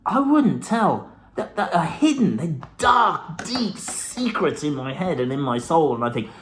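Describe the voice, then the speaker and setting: A middle-aged man giving a blunt, profane motivational talk to camera, with the odd laugh. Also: fairly high pitch. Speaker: self-help vlogger.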